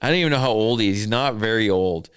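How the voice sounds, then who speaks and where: A man's voice: on the low side, animated, fast, fairly bright tone, smooth, no room sound, studio quality. A man hosting a casual podcast chat, rambling wryly and listing things off. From southern Idaho. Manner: rambling, wry, lists things off. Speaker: podcast host. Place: home studio.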